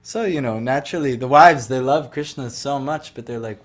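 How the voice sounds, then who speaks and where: A man's voice: medium pitch, normal speed, faint music behind. A man giving a devotional talk, retelling a sacred story in a loose, conversational way full of "like" and "you know". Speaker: devotional speaker.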